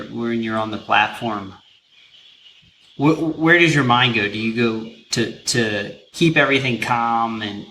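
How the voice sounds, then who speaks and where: A man's voice: mid-range voice, pushed and bright, a little hiss or hum, rough recording. A man hosting a podcast interview, asking easygoing follow-up questions. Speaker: podcast host. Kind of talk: casual interview chat.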